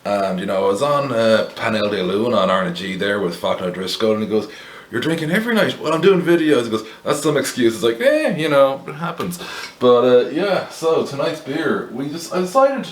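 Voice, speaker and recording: A man's voice: lowish voice, big pitch swings, fairly quick, roomy sound, slight background noise. An Irish man hosting a casual beer review to camera, rambling and wry, with blunt opinions and plenty of fillers. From Ireland.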